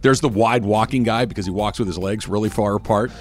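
A man's voice: on the low side, fairly even intonation, fast talker, soft background music. A man co-hosting a talk show, chatting casually, laughing often and reading out listener questions. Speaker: radio show co-host. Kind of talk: casual chat.

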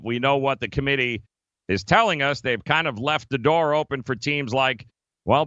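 Brief: male sports talk host, bright forceful tone, dry close sound, argumentative. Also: mid-range voice, clean tone, no echo, lo-fi sound. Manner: emphatic, argumentative, many fillers. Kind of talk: casual sports betting debate.

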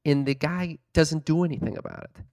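A man's voice: on the high side, fairly even intonation, brisk, a little mellow, no echo, studio quality. A man telling a story in casual chat, swearing a lot, exasperated, mimicking other people in mocking voices. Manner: profane, exasperated storytelling with mocking put-on quotes.

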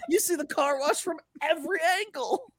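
A man's voice: very high-pitched, expressive, moderate pace, a crowd in the background. A man co-hosting a sports podcast in rowdy, profane casual chat, laughing between lines. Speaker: podcast co-host.

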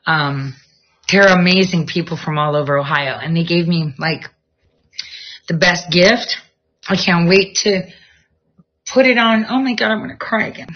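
Husky rambling woman on a lo-fi vlog. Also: fairly low pitch. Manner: rambling, jumps from topic to topic. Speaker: vlogger. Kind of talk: casual chat to viewers. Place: at home, near a bedroom studio.

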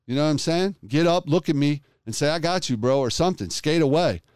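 A man's voice: fairly high pitch, fairly quick, clean tone, dry recording, studio quality. A man in his forties, swearing often while telling a story in a casual chat. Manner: profane, animated storytelling.

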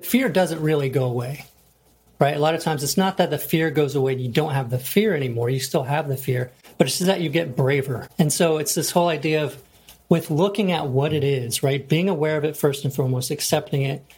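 Husky-ish voice, earnest motivational talk, mid pitch. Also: a little fast, darkish tone.

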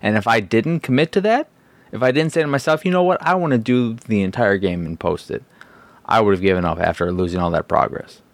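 Male podcast host, lowish pitch, dry mic, self-mocking rambler. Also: fairly quick, creaky, no room sound. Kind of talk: casual solo podcast talk.

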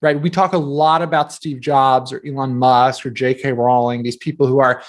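A man in his thirties from New Jersey, a guest author talking casually in an interview, quick and filler-heavy with a self-deprecating streak. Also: mid-range voice, level tone.

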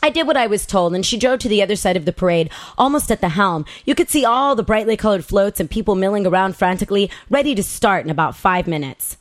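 A woman's voice: mid-range voice, lively intonation, quick pace, hardly any pauses, no echo. A woman podcast host reading a personal story aloud, candid and profane, laughing at herself along the way.

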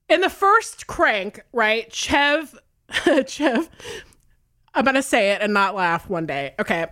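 A woman co-hosting a podcast in casual, animated chat, laughing often and swearing freely as she recaps a film. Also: fairly high pitch. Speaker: podcast co-host. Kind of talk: casual movie-discussion chat.

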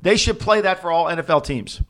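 Man, middle-aged, casual storyteller, slightly high pitch, animated. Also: fairly quick. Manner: animated anecdote-teller, acting out quoted voices. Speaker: podcast co-host, former NFL executive.

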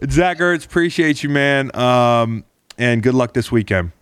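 A man's voice: mid-range voice, lively intonation, a little slow, a bit bright, clear, resonant tone, dry recording, studio quality. A man, a former football player, hosting a casual podcast chat, joking and teasing his guest with lots of restarts.

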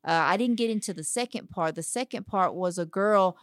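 Animated woman telling ghost stories. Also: mid-range voice, fairly quick, no room sound, clean studio sound. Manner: animated, acts out voices in her stories. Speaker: psychic medium guest. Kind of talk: casual storytelling chat.

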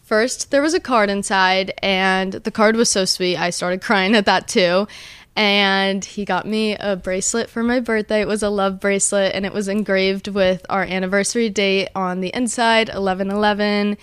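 Young woman, early twenties, bubbly chatty storyteller, smooth voice, dry close sound. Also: mid-range voice, fairly even intonation, moderate pace, dry recording. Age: early 20s. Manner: bubbly, gushing, says like a lot. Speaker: host. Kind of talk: casual vlog storytelling.

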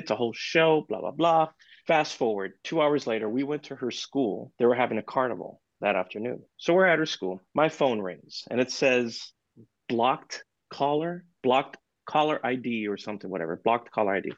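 A man's voice: medium pitch, a little fast, no echo. A man tells stories as a podcast guest, bringing them to life by acting out each conversation. His voice sits in a middle register, and the recording is dry and slightly muffled. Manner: animated anecdote-telling, acts out quoted dialogue. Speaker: guest percussionist. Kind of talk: storytelling in a podcast interview.

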